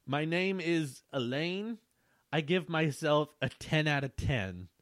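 A man voicing a sassy, confident young girl, speaking slowly and drawn-out. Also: fairly high pitch, expressive, dry recording, clean studio sound, pitched above the performer's own voice.

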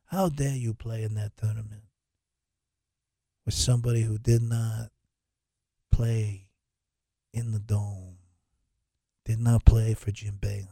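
A man putting on a gruff mob boss voice, scolding and dismissive. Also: fairly low pitch, fairly even intonation, takes it slowly, pauses often, dark tone, no echo, clean studio sound, pitched below the performer's own voice, full character voice. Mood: scornful.

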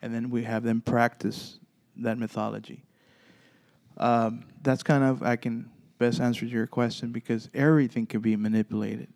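A man who leads a paranormal investigation group, telling stories in a halting way with many fillers and acting out the dialogue. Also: mid-range voice, little pitch movement, darkish tone. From Texas. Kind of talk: storytelling guest chat.

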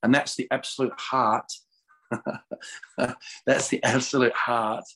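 A middle-aged podcast guest with a slow, gravelly, mid-range voice shifts between casual spiritual talk and fervent prayer. He laughs often and repeats words when excited, over a rough recording with slight background noise.

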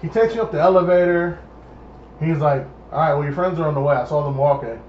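Brief: young man, casual storyteller, higher voice, dull echoey noisy recording. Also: fast. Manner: animated, acts out voices in his story. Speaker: storyteller guest. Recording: echoey dull room with noise.

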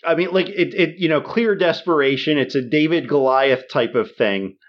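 A man co-hosting a podcast, casually recapping a war film with many restarts and fillers, getting animated as he retells the action. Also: a little high, moderate pace, dull audio. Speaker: podcast co-host. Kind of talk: casual movie discussion.

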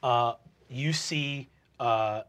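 A man narrating as game master of a tabletop game, casual and quick, with fillers. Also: mid-range voice, fairly bright tone.

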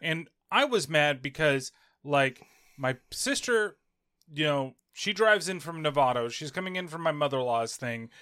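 A man rants in casual conversation, exasperated and swearing freely as he mimics what others told him. His voice sits a touch high, with a bright, edgy tone. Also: expressive, normal speed, clear, resonant tone. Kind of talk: casual venting chat.

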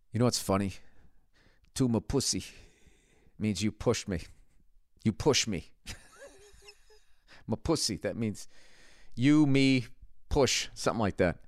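A man's voice: fairly low pitch, no room sound, studio quality. Profane, rambling male podcast host. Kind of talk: casual comedic rant and ad read.

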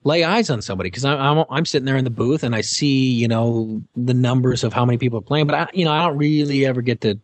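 A middle-aged former game show host, appearing as an interview guest, tells casual anecdotes full of fillers and restarts. His mid-range voice moves at a quick pace with hardly any pauses, and there's no room sound.

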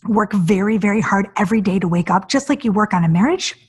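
A woman in her forties hosting a podcast, telling her own story in an animated, emotional way. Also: fast, husky. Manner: animated, acts out quoted voices with big pitch jumps; emotional, near tears. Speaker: podcast host. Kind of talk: personal storytelling monologue.

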